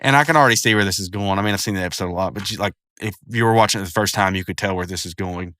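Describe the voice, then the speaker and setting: A man's voice: deep voice, racing, bright, forceful tone, no room sound, clean studio sound. A man giving casual commentary on a cartoon episode, rambling along with lots of fillers and restarts. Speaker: video commentator.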